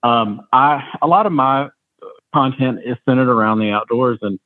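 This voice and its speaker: A man's voice: medium pitch, normal speed, dry recording. A man in his thirties with a North Carolina Southern accent, chatting as a podcast guest in a friendly, rambling way with frequent restarts. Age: 30s. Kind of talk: casual interview chat. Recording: dry, tinny phone-like line.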